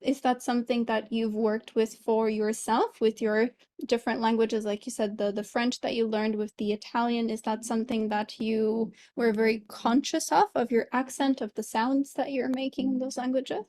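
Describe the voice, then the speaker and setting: A woman hosts a casual interview, speaking at some length with an earnest, reflective manner. Her voice sits a little high. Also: little pitch movement, moderate pace, darkish tone. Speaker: host, language coach.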